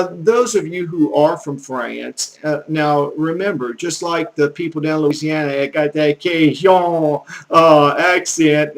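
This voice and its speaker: In a low-quality recording, a middle-aged language tutor from the Southern United States gives a meandering, folksy lesson, full of fillers and false starts, in his Southern accent. His voice is fairly high and gravelly.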